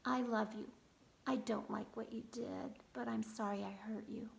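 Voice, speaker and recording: A woman doing an excited little girl, high and gravelly. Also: normal speed. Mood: remorseful. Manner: high-pitched excited cries. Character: young girl, excitable then remorseful.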